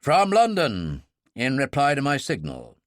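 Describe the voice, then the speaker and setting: Guy doing a tired grim admiral, measured and dry, no room sound. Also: medium pitch, huge pitch swings, no echo. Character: grim, reluctant older male admiral.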